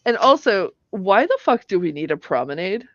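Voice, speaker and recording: A woman's voice: medium pitch, sing-song, moderate pace, no room sound. A woman co-hosting a casual political talk show, sounding exasperated and wry. She is recorded close and dry with no room sound. The mic is a little muffled. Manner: exasperated, joking, laughs often. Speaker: political podcast co-host.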